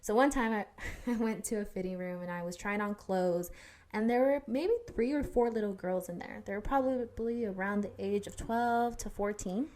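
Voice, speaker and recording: Young woman podcast cohost, chatty and candid, lots of likes and restarts, mid pitch. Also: moderate pace, darkish tone. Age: young adult. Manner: candid storytelling, many fillers and restarts. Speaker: podcast co-host. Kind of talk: casual chat.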